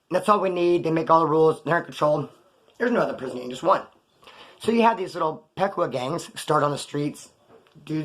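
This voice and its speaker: Middle-aged man, fairly high voice, rambling profane monologue about prison days. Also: a bit bright. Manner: profane street slang, rambling. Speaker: storyteller recounting prison life. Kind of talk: casual monologue.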